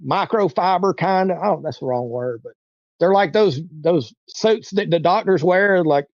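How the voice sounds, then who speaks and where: A man's voice: high-pitched, normal speed, darkish tone, dry recording. Man, interview guest, rambling casual storytelling, repeats himself, muffled dry recording. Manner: rambling, repeats himself, acts out quoted voices.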